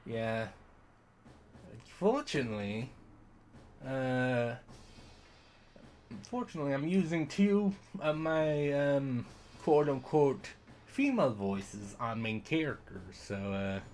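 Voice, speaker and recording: A man's voice: medium pitch, animated, slow pace, pauses often, darkish tone, a little hiss or hum. A man streaming a game, rambling and self-deprecating in casual commentary, swearing now and then.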